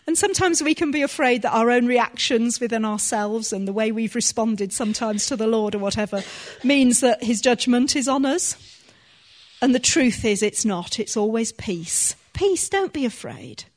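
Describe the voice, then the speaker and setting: Woman preaching a gentle sermon. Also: fairly high pitch, moderate pace.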